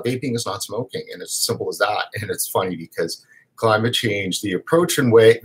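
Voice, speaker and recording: Host, male, low husky voice, rambling and emphatic, live-stream chat. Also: fairly bright tone. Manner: rambling, emphatic, with fillers and restarts. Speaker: host of a vaping news show. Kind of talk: casual live stream talk.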